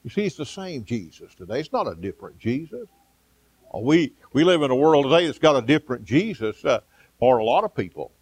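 A male pastor delivering a sermon, building to fervent exclamations and calling out amen and hallelujah, with frequent "uh" pauses. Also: mid-range voice, very animated, breathy edge, no echo. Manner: preaching, rising to fervent exclamations with frequent "uh" fillers; calls out amen and hallelujah to the congregation.

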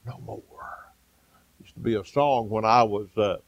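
A male pastor delivering a sermon, building to fervent exclamations and calling out amen and hallelujah, with frequent "uh" pauses. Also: on the low side, gravelly, no room sound, muffled recording. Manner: preaching, rising to fervent exclamations with frequent "uh" fillers; calls out amen and hallelujah to the congregation.

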